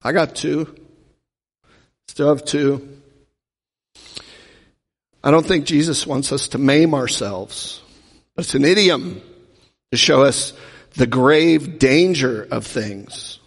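Gravelly pastor teaching in a hall. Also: male voice, medium pitch, slow pace, pauses often. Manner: conversational, asks the audience questions. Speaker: pastor teaching a Bible class. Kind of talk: teaching sermon.

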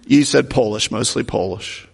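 With a medium-pitched, creaky voice and a breathy edge, a pastor preaches at normal speed and repeats each answer his congregation calls out. The sermon is recorded with echoey hall reverb.

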